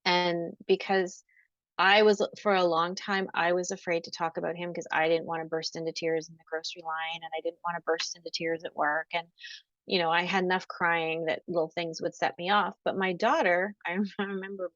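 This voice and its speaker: A woman's voice: fairly low pitch, little pitch movement, normal speed, no room sound. Earnest woman guest, lo-fi dry audio. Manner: earnest and emotional, softening at sad moments. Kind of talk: personal storytelling in an interview.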